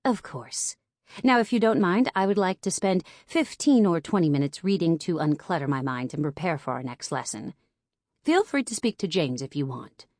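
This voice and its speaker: A woman's voice: lowish voice, lively intonation, normal speed, darkish tone, no echo, clean studio sound, close to an everyday voice. A woman reading an audiobook, voicing a poised woman mentor who answers briefly, politely and vaguely.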